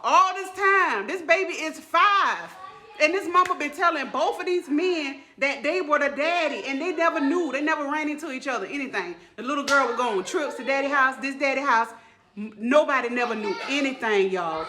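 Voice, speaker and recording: A woman telling a storytime about her school front-office job in a chatty, lively way, acting out everyone's quoted lines. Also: high-pitched, normal speed, slight background noise. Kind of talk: casual storytime vlog.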